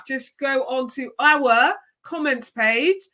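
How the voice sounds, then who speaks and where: A woman's voice: high-pitched, takes it slowly, sharp tone. A woman hosting a casual interview, encouraging her guest and speaking to the listeners with enthusiasm. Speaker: host.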